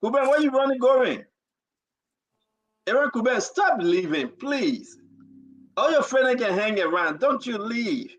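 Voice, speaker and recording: A man hosting and moderating a call-in talk show, animated and directing callers. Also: very high-pitched, measured pace, long pauses, muffled recording.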